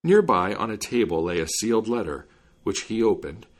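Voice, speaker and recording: Male storybook reader, low husky voice, expressive lively delivery. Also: moderate pace. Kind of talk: fairy tale reading.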